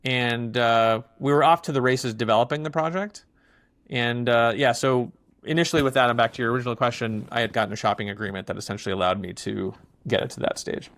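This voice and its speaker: A man's voice: mid-range voice, quick pace, no echo. A man being interviewed about his film, talking casually and animatedly with plenty of fillers. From not from England. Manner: animated storyteller, many fillers. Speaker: filmmaker guest.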